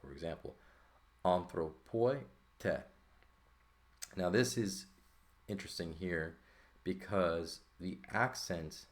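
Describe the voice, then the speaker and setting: A man's voice: low-pitched, slow pace, pauses often. A man teaching a Greek grammar lesson, explaining terms casually and often checking in with "right?" as he goes. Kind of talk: casual textbook lesson walkthrough.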